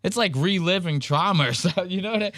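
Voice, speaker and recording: A man's voice: high-pitched, quick pace, fairly bright tone, dry recording. A man hosting a podcast, reacting to clips in a casual, incredulous, rambling way, quoting the chat and mimicking people. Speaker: podcast host.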